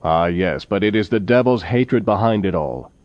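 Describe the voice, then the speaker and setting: A man preaching a sermon in a measured, solemn manner, reading scripture aloud. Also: lowish voice, lively intonation, dry recording. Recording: dull lo-fi recording.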